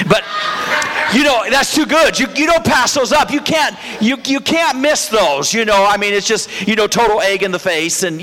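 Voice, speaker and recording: A male pastor with a strikingly high, bright and forceful voice preaches in a casual, animated way and keeps asking the congregation questions. His voice rings with a long hall reverb from the church sanctuary. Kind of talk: sermon.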